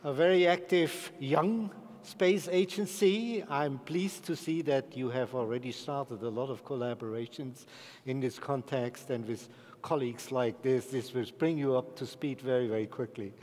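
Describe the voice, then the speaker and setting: A man moderating a panel, introducing speakers in a slow, easygoing way. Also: mid-range voice, a little mellow. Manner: slow, easygoing, light self-deprecation. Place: large conference hall. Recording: echoey large hall.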